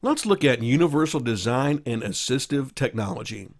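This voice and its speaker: A man's voice: medium pitch, big pitch swings, moderate pace. Man explaining reading strategies as a teacher. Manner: explanatory, with self-corrections and fillers. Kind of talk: recorded video lesson.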